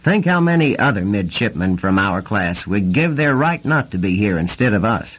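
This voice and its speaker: A man voicing an excitable young male navy lieutenant, brash and nasal, talking fast and swearing freely in an audiobook reading. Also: lowish voice, husky. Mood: eager. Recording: dull lo-fi recording.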